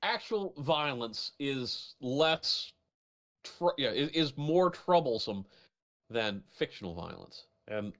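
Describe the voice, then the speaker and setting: A man in casual podcast chat, making dry, drawn-out remarks. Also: mid-range voice, sing-song, fairly bright tone.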